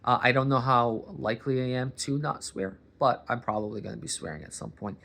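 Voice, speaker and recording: A man from Boston talks into a camera propped on his coffee table at home. His voice sits at an ordinary middle pitch. He rambles casually, cuts himself off and circles back to his point. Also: fairly quick, creaky, fairly bright tone. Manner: rambling, self-interrupting, chatty. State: warm under a sweater, hat and blanket. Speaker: vlogger. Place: home living room, recording on a coffee table.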